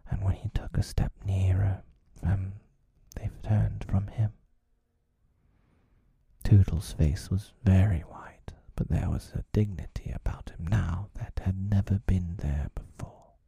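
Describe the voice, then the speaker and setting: Man narrator, whispered role-play storybook, slow and husky, dry close sound. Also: sits low, fairly even intonation, no echo. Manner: slow, hushed reading.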